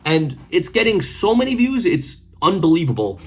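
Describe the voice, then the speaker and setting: A man's voice: sits high, wildly swooping pitch, normal speed, slightly rough. A man hosting a commentary video, speaking in a blunt, indignant and sarcastic way. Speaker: host.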